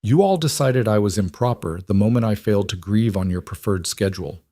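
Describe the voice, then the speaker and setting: A wronged young widow of the frontier, as a male narrator speaks her lines, firm and defiant in a low, level reading. Dry, close storybook sound. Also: expressive, fairly quick, dark tone, dry recording.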